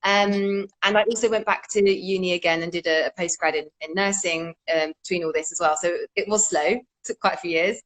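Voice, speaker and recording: A woman's voice: lowish voice, fairly even intonation, brisk, hardly any pauses, poor audio. A woman from the UK, a charity founder, telling her story earnestly over a video call. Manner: earnest, with frequent restarts. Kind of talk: casual interview storytelling.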